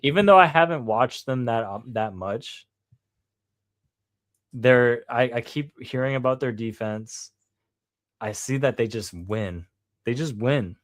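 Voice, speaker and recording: A man's voice: mid-range voice, a little slow, dry recording. A man co-hosting a podcast, chatting casually about basketball, slangy and rambling, with lots of "bro" and swearing. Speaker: podcast co-host. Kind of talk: casual sports chat.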